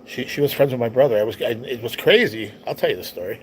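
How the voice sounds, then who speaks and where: A man's voice: medium pitch, quick pace, a little hiss or hum, low-quality recording. A man hosting a livestream, telling a personal story in a rambling, heartfelt way and swearing often. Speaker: livestream host. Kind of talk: casual storytelling to a live chat.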